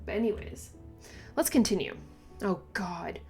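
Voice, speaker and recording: A woman reacting casually to a manga, thinking aloud with lots of fillers and restarts, and breaking into excited exclamations and giggles. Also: mid-range voice, a little slow, husky, faint music behind. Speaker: manga reaction channel host.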